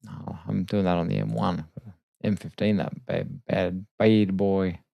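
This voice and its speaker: Low gravelly-voiced man talking quietly. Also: flat delivery, a little slow, no echo. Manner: quiet late-night talk, self-deprecating. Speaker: trading livestream host. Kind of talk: casual live trading commentary. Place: home desk at night. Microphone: desk microphone.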